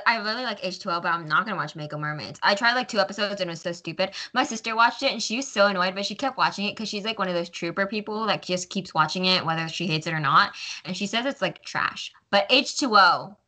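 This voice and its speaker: A woman's voice: mid-range voice, fairly quick, bright, forceful tone. A young woman co-hosting a podcast in casual chat, giggly and bubbly, with lots of "like" fillers. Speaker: podcast co-host.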